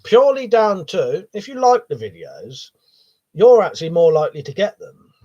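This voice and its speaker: Casual man, slightly high voice. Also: sing-song, moderate pace, darkish tone. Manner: reads out viewer comments and chats back casually, swears freely. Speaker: livestream host. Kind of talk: casual live-chat stream. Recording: dull lo-fi stream audio.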